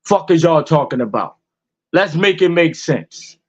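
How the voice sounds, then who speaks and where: High-voiced man ranting in heated slang. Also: lively intonation, a little slow, muffled recording. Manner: profane, confrontational, repeating rhetorical questions. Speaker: podcast host.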